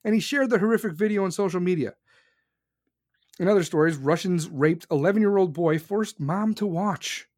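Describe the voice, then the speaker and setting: A young man, his voice a bit higher than most, delivers a heated, profanity-laced rant as a show host. The sound is close and dry, with no room around it. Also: moderate pace, a little mellow, no room sound. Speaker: podcast host. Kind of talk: angry political rant.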